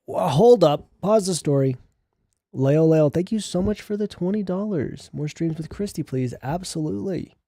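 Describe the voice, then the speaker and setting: Casual young man livestreaming, dark tone. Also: on the high side, expressive, moderate pace, no room sound, clean studio sound. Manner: chatty, joking, reads chat aloud. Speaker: livestream host.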